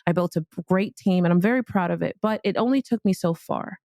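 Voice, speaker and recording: A woman's voice: lowish voice, brisk, mellow, no echo, clean studio sound. A middle-aged woman from Miami hosting a podcast, giving a candid, playful motivational monologue with casual swearing. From Miami, Florida. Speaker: podcast host.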